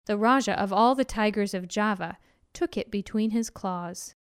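Clear-voiced woman reading a storybook. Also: medium pitch, no echo, studio quality. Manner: gentle, measured narration. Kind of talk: storybook read-aloud.

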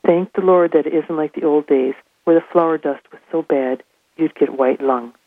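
A woman reading as a gruff Scottish foreman. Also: low voice, moderate pace, no echo. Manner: blunt, commanding, plainspoken. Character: burly middle-aged Scottish mill foreman, gruff. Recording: tinny phone line.

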